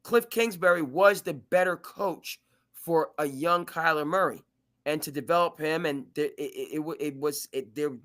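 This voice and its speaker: A man's voice: on the high side, normal speed. A man hosting a live sports talk show, arguing his points with frequent restarts and stammers. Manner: animated, restarts and stammers often. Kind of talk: live sports debate chat.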